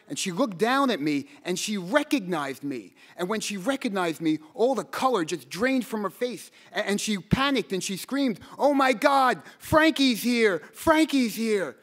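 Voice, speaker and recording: A man telling a personal story live on stage, earnest and halting, repeating words as he goes and bursting into shouts when he quotes himself. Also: sits high, lively intonation.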